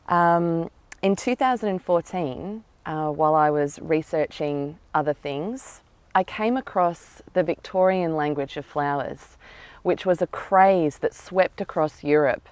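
A woman's voice: sits low, a little mellow, smooth, dry recording. A woman author, speaking thoughtfully and earnestly outdoors about her novel, with some fillers. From Australia. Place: outdoors in botanical gardens.

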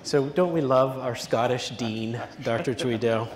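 A man's voice: mid-range voice, normal speed, a crowd in the background. A man moderating a conference panel, talking in a jokey, teasing, conversational way. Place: large conference hall. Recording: echoey hall, faint noise.

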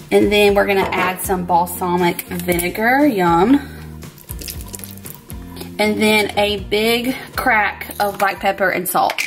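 A woman hosts a casual cooking vlog from her home kitchen, talking in a bubbly, chatty way and saying "like" a lot. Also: mid-range voice. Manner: bubbly, chatty, says "like" often. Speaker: cooking channel host.

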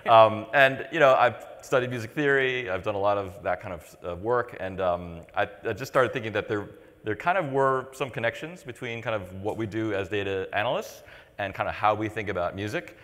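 A man's voice: on the low side, a little fast, fairly bright tone. A man in his forties co-hosting a podcast, talking thoughtfully and rambling with lots of fillers and restarts. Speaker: podcast co-host. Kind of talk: casual podcast chat. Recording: long reverb.

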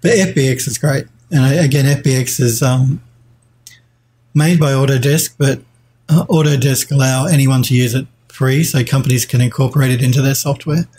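Male streamer, live modelling tutorial, husky, hesitant, self-correcting. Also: medium pitch, steady tone, moderate pace, a little mellow. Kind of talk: live tutorial commentary, reading chat.

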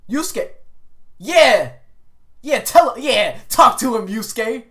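A reaction channel host with a slightly high voice speaks slowly while hosting a casual anime reaction video. Excitable and slangy, she talks back at the screen with frequent exclamations and laughter.

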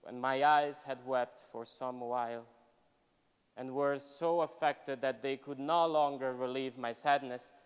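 A man, a professor, giving a solemn, measured, expressive dramatic reading in a university hall. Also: medium pitch, clean tone. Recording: long hall reverb at a live event.

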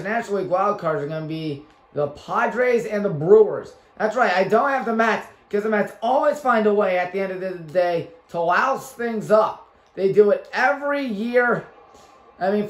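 A young man hosting a sports talk show, chatting casually and calling plays excitedly while he plays a basketball video game. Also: sits high. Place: small room at a local community TV station. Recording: roomy echo.

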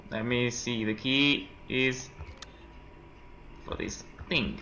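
Young male let's-player, bright tense voice, jumpy horror-game commentary full of nervous laughs. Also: medium pitch, measured pace, long pauses, slight background noise, poor audio. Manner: jumpy reactions, reading game text aloud, nervous laughs. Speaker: let's play gamer.

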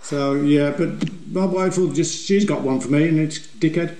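A man's voice: on the high side, moderate pace, warm tone, reverberant, slight background noise, low-quality recording. An older man with a West Midlands accent, a member of a motorbike vlog group, answering questions in rambling, jokey banter. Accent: West Midlands English. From West Midlands, England. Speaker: interviewee, motovlog group member. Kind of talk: casual chat.

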